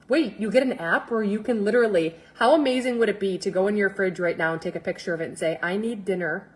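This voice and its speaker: A middle-aged woman coaching fitness on a live stream, with an energetic, pushy sales delivery at an average pitch. She repeats her instructions over and over and calls out viewers by name as she talks.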